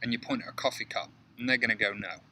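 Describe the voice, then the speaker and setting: A man's voice: medium pitch, little pitch movement, racing, bright, forceful tone, poor audio. A man explaining a programming idea in a casual, rambling tutorial with many fillers and everyday analogies. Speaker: programming instructor. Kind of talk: casual coding tutorial talk. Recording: faint background noise.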